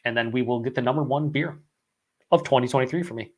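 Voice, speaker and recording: A man's voice: mid-range voice, steady tone, fast, darkish tone. A young man hosting a long live beer vlog, rambling casually and swearing often as he reads out chat comments, his voice worn from hours of talking. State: voice worn after hours of streaming.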